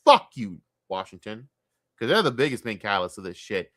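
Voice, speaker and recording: Excitable, foul-mouthed young man streamer. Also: on the low side, fast talker, no room sound, clean studio sound. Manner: excitable, profane, rambling. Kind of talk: casual sports rant.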